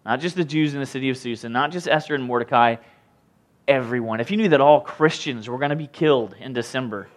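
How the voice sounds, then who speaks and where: A man preaching a sermon, retelling scripture in an animated, conversational way. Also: medium pitch, fast talker.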